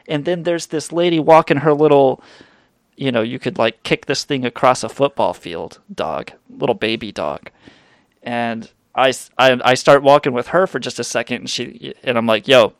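A man's voice: mid-range voice, normal speed, gravelly, no echo, clean studio sound. A man telling a rambling street story to his stream chat, swearing a lot and restarting his sentences. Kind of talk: casual storytelling, profane.

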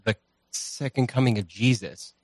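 A man's voice: mid-range voice, a little slow, a little mellow, dry recording. A man talking as a podcast guest in a loose, rambling, profane and self-deprecating way, recorded on a home streaming mic. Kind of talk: casual chat.

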